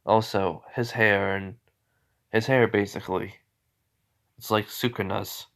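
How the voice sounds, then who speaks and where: A man's voice: on the low side, steady tone, unhurried, creaky, fairly bright tone. A man voicing a cheerful, teasing male sorcery teacher in a casual fan-made story. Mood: serious.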